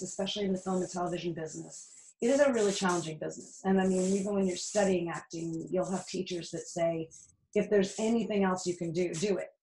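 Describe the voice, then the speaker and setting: A middle-aged woman with a Canadian accent talks through her thoughts in an earnest, reflective way and often restarts her sentences. Her voice has a medium pitch for a woman. The sound carries a noticeable room echo. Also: darkish tone. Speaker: podcast guest. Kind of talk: casual interview conversation.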